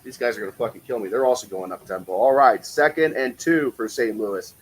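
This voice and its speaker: A man's voice: medium pitch, a little fast, slightly rough, low-quality recording. Profane, chatty male game streamer. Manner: profane, chatty, reads viewer comments aloud. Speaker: live-stream play-by-play commentator. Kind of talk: casual live-stream commentary.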